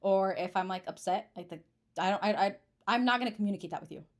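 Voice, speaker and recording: Fast-talking young woman, chatty and rambling. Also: mid-range voice. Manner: chatty, rambling, self-deprecating. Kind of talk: casual chat.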